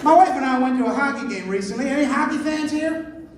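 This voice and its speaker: A man in his fifties with a very high voice tells crude stories on stage and acts out every line of dialogue himself. His voice rings through a big echoey hall, picked up from some distance. A crowd laughs behind him. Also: quick pace, background noise. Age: 50s. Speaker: stand-up comedian. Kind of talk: stand-up comedy set. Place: club stage with live audience. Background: audience laughter.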